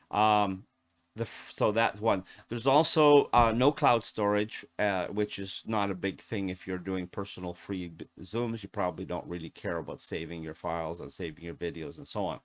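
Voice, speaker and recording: A man talks through a tech tutorial in a relaxed, conversational way. His voice sits on the lower side, and he restarts phrases often with plenty of ums and uhs. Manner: chatty, self-interrupting with fillers and restarts. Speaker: AV technician instructor. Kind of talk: casual tutorial talk.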